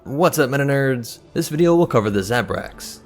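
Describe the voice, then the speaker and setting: A man hosting a lore channel, giving brisk, informative scripted narration. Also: mid-range voice, lively intonation, soft background music.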